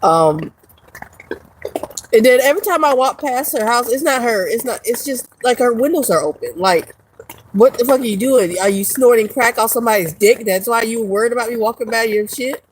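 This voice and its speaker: A woman's voice: fairly high pitch, normal speed, slight background noise, poor audio. A woman vlogger ranting casually to her viewers, profane and rambling, laughing often. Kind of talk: casual rant to camera.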